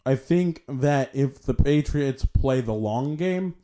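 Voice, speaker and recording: Mellow-voiced young man, goofy. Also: medium pitch, lively intonation, takes it slowly. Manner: goofy, laughs often, agreeable. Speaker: podcast co-host. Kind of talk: casual chat.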